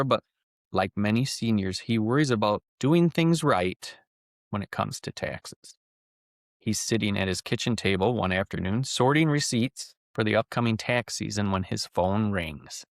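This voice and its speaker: A man's voice: on the low side, dry recording, clean studio sound. A man hosting a podcast, talking casually with lots of ums and telling a cautionary story. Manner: relaxed, frequent ums and uhs, conversational. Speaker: podcast host.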